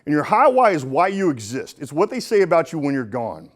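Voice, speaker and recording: A middle-aged man giving a live motivational keynote on stage, folksy and joking, swinging between punchy lines and hushed ones. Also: on the high side, very animated, fairly quick. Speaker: motivational speaker. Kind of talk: live keynote speech to an audience. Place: stage in front of a live audience.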